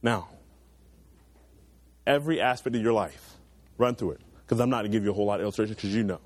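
A fast-talking young man preaches to teenagers, earnest and urging, his volume rising loud and then dropping to quiet, low asides. The recording is dry.

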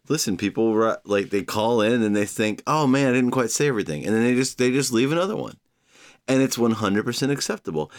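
A man hosting his own podcast, alone at the mic, rambling in a playful, loose way. His voice sits a little low, but it swings up and down a lot as he talks. He speaks straight to his listeners. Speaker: podcast host. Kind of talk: casual solo podcast monologue.

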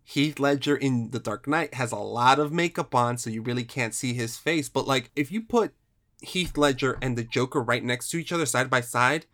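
A man's voice: medium pitch, normal speed, fairly bright tone. Rambling casual man talking movies. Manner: rambling, swears casually, frequent restarts. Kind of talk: casual film discussion.

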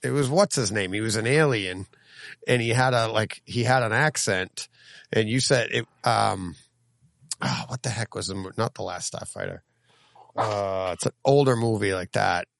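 A man co-hosting a casual podcast chat, animated and laughing, jumping to a high teasing voice when excited. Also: normal speed, gravelly, dry recording. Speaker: podcast co-host.

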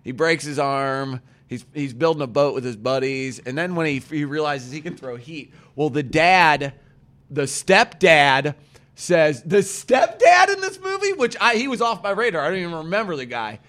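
Excitable, cursing man, fairly high voice. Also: moderate pace. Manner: rambling, profane, excitable. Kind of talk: casual chat, retelling a movie.

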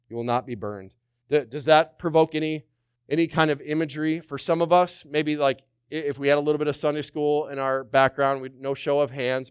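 A man's voice: medium pitch, clean tone, dry recording, clean studio sound. A man preaching a sermon as pastor, repeating key words for emphasis and putting rhetorical questions to the congregation.

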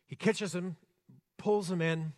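A man preaching a sermon, earnest, rising to emphasis and dropping soft and slow. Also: sits high, fairly even intonation. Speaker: pastor. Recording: long reverb of a church hall.

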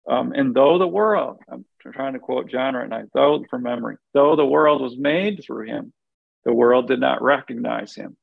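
A man with a deeply gravelly, creaky voice talks through a Bible passage for a podcast. He is earnest and conversational, circling back and restarting as he reaches for the right words. The sound is dry and a little dull, as if heard through a modest microphone. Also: dry recording. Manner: earnest, thinks aloud with many restarts and fillers. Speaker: podcast co-host.

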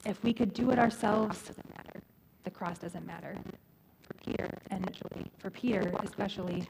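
A woman's voice: mid-range voice, normal speed, gravelly, low-quality recording. A middle-aged woman pastor preaching a sermon in a conversational way, restarting phrases and adding humorous asides. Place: church. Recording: loud background noise.

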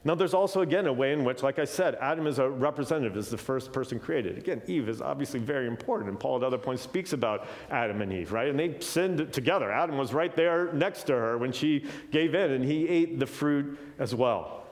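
A man preaching from Scripture in a relaxed, conversational way. He keeps checking in with his listeners and moves between quick stretches and slow, stressed points. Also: medium pitch. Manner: casual, often adds "right?" as a check-in; animated, shifting pace. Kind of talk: conversational Bible teaching.

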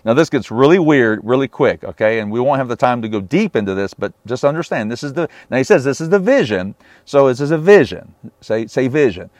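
A man's voice: mid-range voice, animated, brisk, darkish tone, dry recording. A man preaching a sermon on a Bible passage, emphatic and often asking his listeners rhetorical questions.

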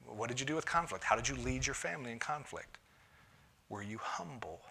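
A man preaching a conversational sermon as a pastor, moving between punchy lines and hushed asides. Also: mid-range voice, animated, brisk, gravelly, husky. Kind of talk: sermon on marriage.

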